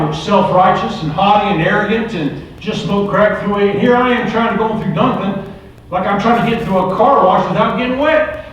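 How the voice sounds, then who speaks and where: A man's voice: sits high, a little hiss or hum. A middle-aged man preaching a recovery ministry sermon, with rhetorical questions and lots of repetition. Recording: very echoey room, distant mic.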